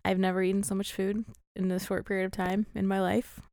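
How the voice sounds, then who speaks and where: A woman from the Chicago area chats as a podcast co-host, wry and quick to laugh. Her voice has a gravelly fry and sits in a middle range. The sound is dry and close. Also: medium pitch, little pitch movement, warm tone, no echo. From Chicago area, USA. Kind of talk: casual chat.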